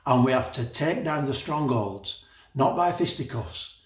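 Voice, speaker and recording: A man's voice: mid-range voice, lively intonation, unhurried, reverberant. A man preaching a sermon with passion, laughing often and repeating phrases.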